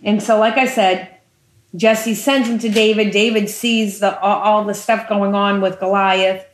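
A woman preacher telling a Bible story in a sermon, with emphatic repetition and animated pacing. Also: mid-range voice, unhurried. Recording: roomy echo.

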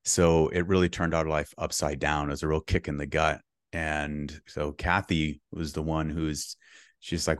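Deep-voiced man recounting a health scare. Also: dry recording, studio quality. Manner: earnest, reflective, with short laughs. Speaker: podcast guest. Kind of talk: conversational storytelling.

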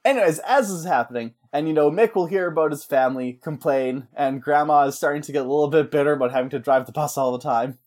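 A man in casual chat, pitching a story in a rambling, jokey way and slipping into character voices. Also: quick pace, hardly any pauses, darkish tone.

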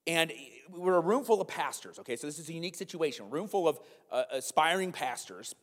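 A male pastor preaching a conversational sermon to his congregation, animated, with frequent asides to the room. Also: on the high side, fast talker. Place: church hall, live congregation. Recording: long hall reverb.

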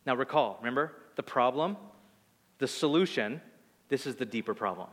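A man preaching a sermon in an animated, conversational way, often repeating words as he gets excited. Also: mid-range voice, a little fast, in a large hall. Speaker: pastor.

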